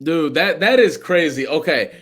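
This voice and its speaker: A man's voice: a little high, moderate pace. A man co-hosting a podcast, reacting to his partner's story in casual chat. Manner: reactive, lively listener. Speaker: podcast co-host.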